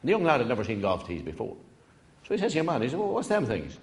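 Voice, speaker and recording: An Irish man spins a long, wandering joke, laughing as he goes and losing his thread on purpose. His pitch bounces up and down with lots of life, and his pitch sits in the middle for a man. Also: huge pitch swings, rapid-fire. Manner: digressive, chuckling through his own stories. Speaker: comedian telling jokes. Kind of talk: rambling stand-up joke telling.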